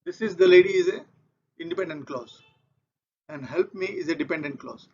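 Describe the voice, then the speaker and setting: Man explaining grammar, fairly high, dull-sounding. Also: brisk, darkish tone, husky. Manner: repetitive, methodical explaining with example sentences. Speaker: English grammar teacher. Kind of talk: explaining grammar over slides. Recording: dull lo-fi recording.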